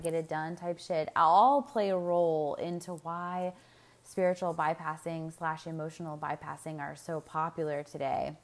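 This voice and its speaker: Candid, swearing woman podcaster. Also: fairly low pitch. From United States. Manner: candid, profane, animated, with frequent fillers and laughs. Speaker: podcast host. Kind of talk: casual solo podcast monologue.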